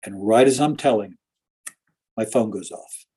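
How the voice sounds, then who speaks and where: A man's voice: on the low side, normal speed, mellow, husky. A man who is a pastor, telling personal stories in an interview in an earnest, anecdotal way. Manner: earnest, anecdotal, with laughs and restarts. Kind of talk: storytelling in an interview.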